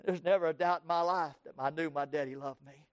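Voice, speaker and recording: A pastor from Texas with a Southern US accent, preaching an impassioned sermon that swings from loud cries to hushed tones. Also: male voice, on the high side, steady tone, a little fast, no echo. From Texas, USA. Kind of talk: sermon with altar call.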